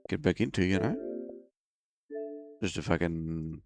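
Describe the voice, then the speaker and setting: A man doing a rough, easygoing Australian bloke with a deliberately hammy put-on Australian accent. The voice sits low and drawls through mates and swearing like a slangy joke on a game stream. Faint music plays behind. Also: expressive. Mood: blokey. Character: crude laid-back Australian bloke, adult man.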